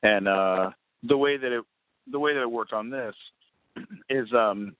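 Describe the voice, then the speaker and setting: A man guesting on a casual phone interview, rambling and excitable, with lots of restarts. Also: medium pitch, measured pace, dry recording. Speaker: guest voice actor and comedian. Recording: tinny phone line, dry.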